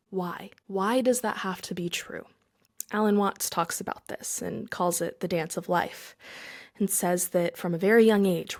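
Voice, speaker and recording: A woman's voice: mid-range voice, darkish tone. Earnest woman hosting a reflective podcast. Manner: earnest, with whispered emphasis and slow dramatic pauses. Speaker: podcast host. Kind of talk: reflective monologue.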